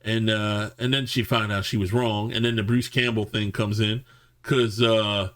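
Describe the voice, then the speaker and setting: A man's voice: lowish voice, level tone, normal speed, fairly bright tone. A man giving a casual, rambling film review, ranting with profanity and sarcasm. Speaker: movie reviewer.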